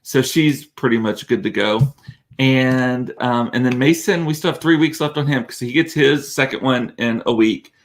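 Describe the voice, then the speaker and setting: A man's voice: medium pitch, moderate pace. Guy in his middle years just rambling, chatty and amused with himself. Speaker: show host. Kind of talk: casual chat. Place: warm room with door closed.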